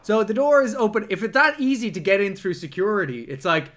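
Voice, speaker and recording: A man co-hosting a casual film review podcast, retelling the plot in an animated way and swearing freely. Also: high-pitched, fast talker, hardly any pauses, muffled recording. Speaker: podcast co-host.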